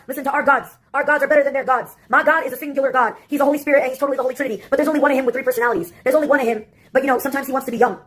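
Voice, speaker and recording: A woman delivering a rambling, sarcastic comic monologue that jumps from topic to topic. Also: high-pitched.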